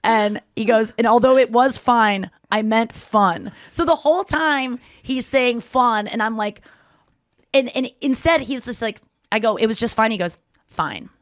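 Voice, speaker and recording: A woman's voice: fairly high pitch, measured pace, dry recording, clean studio sound. A woman hosting a podcast in casual chat, telling stories animatedly and acting out quoted lines. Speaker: podcast host.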